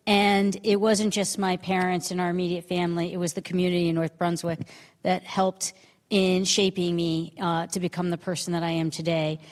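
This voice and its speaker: A middle-aged woman from New Jersey giving an unprepared acceptance speech at a council meeting, grateful and hesitant, with many fillers. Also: mid-range voice. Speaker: county commissioner accepting an award. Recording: reverberant meeting room.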